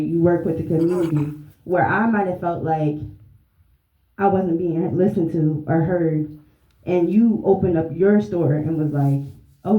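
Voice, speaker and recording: A woman from the audience giving a heartfelt, rambling tribute, then asking a question, with frequent laughs. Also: lowish voice. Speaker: audience member. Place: event room. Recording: roomy, dull lo-fi sound.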